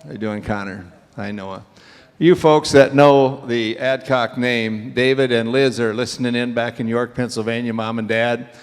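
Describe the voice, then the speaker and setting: A man's voice: medium pitch, steady tone, moderate pace, few pauses, smooth. A man emceeing a graduation ceremony in a folksy, joking way, calling people up. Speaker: auctioneering school emcee. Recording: long hall reverb.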